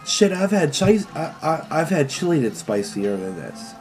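A man's voice: a little high, very animated, normal speed, darkish tone, soft background music. Laid-back man chatting about spicy food. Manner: plain-spoken, laid-back, casual swearing. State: mouth burning from spicy food. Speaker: vlogger tasting food on camera. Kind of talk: casual food challenge chat.

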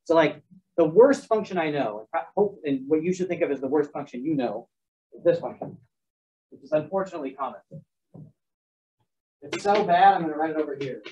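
A man's voice: fairly high pitch, animated, a little fast, pauses often, warm tone, distant mic. A man lectures a math class in a loose, chatty way, full of joking asides and restarts as he works problems out aloud. He sounds set back from the microphone, and the recording is dull and muffled. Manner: rambling, joking asides, restarts while working sums. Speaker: math teacher.

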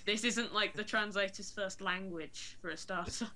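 A woman with a bright, clear voice chats during a let's play. She explains game details thoughtfully, with hesitant fillers. Her pitch sits in the middle. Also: steady tone, moderate pace. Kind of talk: casual chat during a game.

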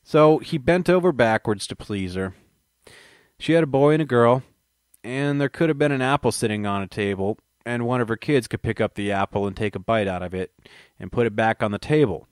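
A man's voice: mid-range voice, a little fast, no room sound, natural voice. A blunt, folksy older man with a Texas drawl recounts old family troubles, as a male reader puts him on. The voice sits in an ordinary middle register and sounds close and dry.

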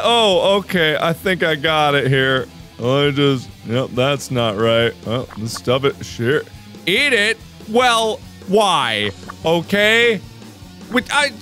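A young man playing a game on camera, laughing often and shouting excitedly at what happens on screen. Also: fairly high pitch. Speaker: gaming host. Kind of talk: let's play commentary.

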